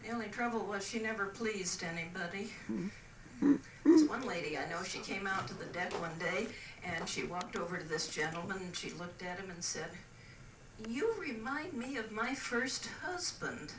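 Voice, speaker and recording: An older woman from the West Coast works as a stand-up comic on a cruise, telling jokes dryly and hesitantly with lots of "uh"s. Her lowish voice has fairly even intonation at a moderate pace, heard through a distant, roomy mic amid ambience and background noise.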